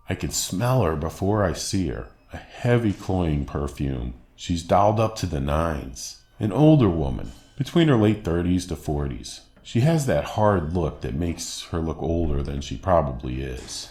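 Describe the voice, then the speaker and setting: A man narrating a true scary story from a script in a steady, wry storytelling manner. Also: low voice, normal speed, hardly any pauses. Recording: echoey room with faint hiss.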